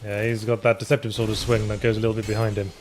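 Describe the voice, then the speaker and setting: A man's voice: lowish voice, flat delivery, rapid-fire, background noise. A man co-hosting a let's play with casual gameplay commentary, dry and teasing as he guides the other player.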